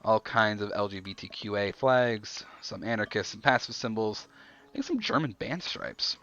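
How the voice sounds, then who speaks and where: Animated man reading a story game aloud. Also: lowish voice, normal speed, dull audio. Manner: animated, thinks aloud between narration. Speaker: streamer reading an interactive story.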